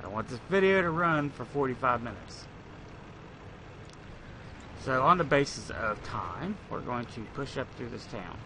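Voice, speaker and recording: A man narrates his own tank game in a casual, meandering way, thinking aloud and cursing when things go wrong. His voice sits mid-range in pitch but carries a bright, tense edge. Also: big pitch swings, measured pace, pauses often, a little hiss or hum. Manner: rambling, profane, thinks aloud. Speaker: gaming channel host. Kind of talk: casual gameplay commentary.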